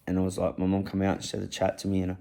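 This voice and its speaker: A man's voice: low-pitched, monotone, racing, vocal fry, dark tone. A young man telling a raw personal story, blunt and rambling, swearing freely.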